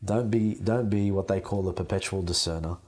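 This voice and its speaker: A young man, a seminarian, answering interview questions in an earnest, gentle way. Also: low-pitched, brisk. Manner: earnest, gentle, repetitive phrasing.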